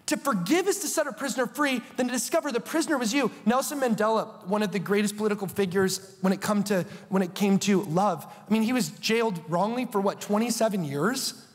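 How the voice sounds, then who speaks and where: A man preaching a sermon as a TV show host, telling the story in an animated, playful way with asides. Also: high-pitched, brisk, in a large hall.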